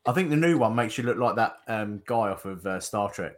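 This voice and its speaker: A man's voice: on the low side, animated, fairly quick. A man co-hosting a podcast in casual banter, chatty and laughing a lot. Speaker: podcast co-host.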